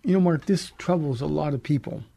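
A man's voice: on the high side, a little fast, gravelly, mellow. A middle-aged man, a pastor, answering listener questions about the Bible on a radio program in an earnest, emphatic way, often restarting his sentences. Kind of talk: radio call-in Bible teaching.

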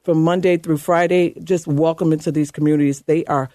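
Older woman from chicago, campaign guest on talk radio, emphatic and animated, pitch jumps up in stories, dry close sound. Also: brisk, no echo. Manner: animated, emphatic, voice climbs high when storytelling. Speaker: political candidate, guest. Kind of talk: radio talk show interview.

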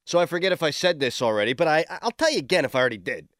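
A man hosting a morning sports talk radio show, excitable and quick to shout in disbelief. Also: a little high, dry recording, clean studio sound.

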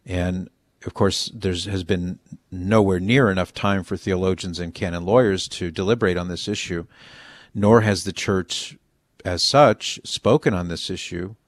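A man hosting a call-in show, answering a caller with measured, deliberate reasoning and frequent restarts. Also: deep voice, fairly even intonation, no room sound, clean studio sound. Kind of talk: call-in advice on faith.

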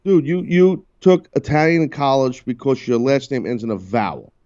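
A man's voice: medium pitch, normal speed, a little mellow, dull audio. Teasing, rambling radio host, man. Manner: loose and rambling, teasing his co-hosts. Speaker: radio talk show host. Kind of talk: casual on-air banter.

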